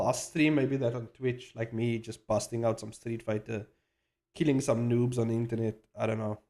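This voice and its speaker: A man streams himself animating and chats casually with viewers, excitable and hyping himself up. He swears freely and rambles, restarting sentences and tossing in slang, all at a medium pitch.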